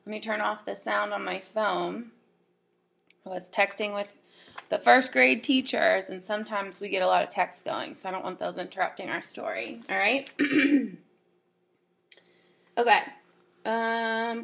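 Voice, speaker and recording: A woman's voice: medium pitch, a little slow, creaky, long pauses. A woman teacher reading a children's book aloud to her class, her voice scratchy from allergies, stopping often to ask questions. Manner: warm, chatty storyteller who asks listeners questions.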